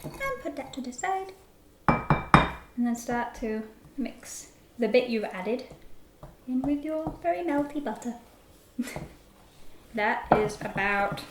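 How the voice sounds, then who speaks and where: A woman's voice: fairly high pitch, heavy background noise. A woman chatting through a casual baking tutorial, giggling as she works in a home kitchen. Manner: chatty, giggly, talks while working. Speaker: baking vlogger. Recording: echoey kitchen with clattering dishes.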